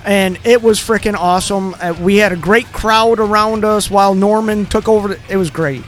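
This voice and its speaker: A man's voice: sits high, steady tone, moderate pace, slight background noise. A man co-hosting a radio talk show, telling stories in a loose, rambling way with plenty of fillers. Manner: rambling storyteller, many fillers. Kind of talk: casual chat.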